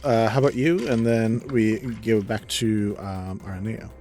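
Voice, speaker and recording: A man narrating as game master in a relaxed way, prompting each player in turn. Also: on the low side, moderate pace, soft background music.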